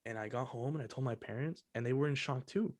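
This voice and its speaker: A man's voice: mid-range voice, quick pace, no echo, studio quality. A young man hosting a podcast, telling a personal story in casual, profane chat full of fillers. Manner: loose and profane, many fillers. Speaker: podcast host.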